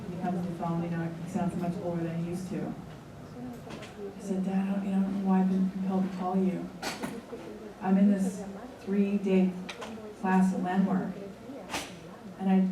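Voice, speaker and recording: Earnest woman telling her story to a room. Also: lowish voice. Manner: candid, earnest storytelling with quoted dialogue. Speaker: seminar leader. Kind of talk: personal story told to a seminar room. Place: large room with an audience. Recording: echoey room from far off, audience noise. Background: audience murmur.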